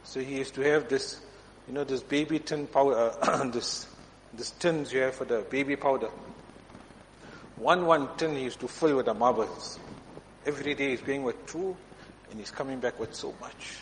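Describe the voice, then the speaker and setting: A man preaching a sermon to a congregation, telling anecdotes and often clearing his throat. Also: mid-range voice, normal speed. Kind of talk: sermon with storytelling. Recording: reverberant hall with faint background noise.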